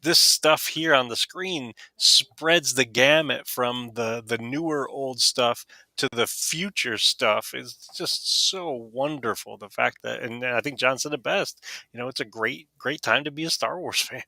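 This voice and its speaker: A man's voice: mid-range voice, expressive, measured pace, gravelly, few pauses, bright, forceful tone, no echo. A man co-hosting a casual fan awards show, telling a story with chuckles. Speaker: podcast co-host. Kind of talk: casual chat.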